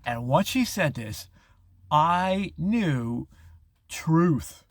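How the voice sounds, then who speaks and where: Middle-aged male host, casual monologue, meandering delivery with restarts, voice on the high side, dry close sound. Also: very animated, slow, gravelly, husky, no room sound. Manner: rambling, with restarts, quoted voices and chuckles.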